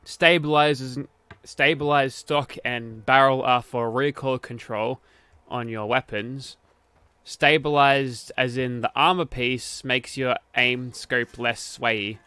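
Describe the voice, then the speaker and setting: A man's voice: mid-range voice, steady tone, takes it slowly, few pauses, sharp tone, smooth, no echo. A man streaming a game, giving casual commentary while he mutters, grumbles and swears.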